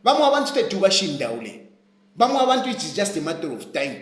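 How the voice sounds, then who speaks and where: A Zambian man, a politician, rants to his live-stream viewers in a high, animated voice that leaps up and down. He repeats his points insistently. The room around him rings with echo. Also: fast talker. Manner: impassioned, repeats phrases over and over. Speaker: opposition politician.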